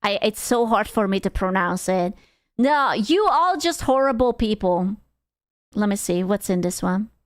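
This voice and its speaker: A woman's voice: medium pitch, lively intonation, unhurried. A young woman streaming, giving blunt, sarcastic and profane reaction commentary on a clip.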